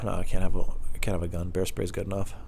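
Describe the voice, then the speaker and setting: A man casually telling a rambling, profane story in a deadpan manner. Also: low voice, very fast, vocal fry.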